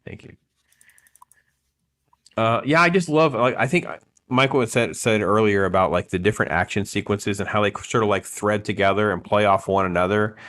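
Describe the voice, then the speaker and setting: A man's voice: lowish voice, normal speed, fairly bright tone. A man hosting a casual livestream film discussion, enthusiastic and thanking viewers. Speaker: host of a film talk stream.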